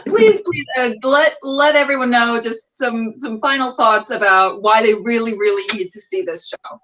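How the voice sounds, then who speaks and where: A woman's voice: fairly high pitch, normal speed, fairly bright tone, muffled recording. A woman hosting a casual interview over a video call, chatty and full of fillers. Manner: chatty, many fillers and restarts. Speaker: host.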